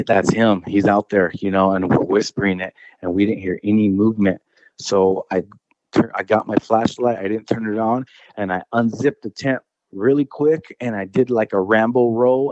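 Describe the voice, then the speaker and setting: A man's voice: on the low side, a little mellow, dry recording, dull audio. A man casually telling a personal encounter story as a guest. He rambles, restarts his phrases and keeps saying dude and bro.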